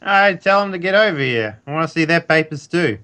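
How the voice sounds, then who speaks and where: A man playing a tabletop game in character as a guard, gruff and blunt. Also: fairly high pitch, expressive, brisk, bright, forceful tone. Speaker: player. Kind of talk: in-character tabletop role-play.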